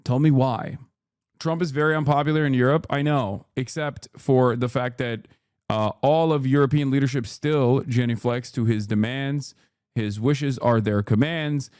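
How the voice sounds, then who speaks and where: A man's voice: mid-range voice, fairly even intonation, normal speed, darkish tone, clear, resonant tone, no echo. A man streaming ranting political commentary, heated, profane and sarcastic, on a close mic.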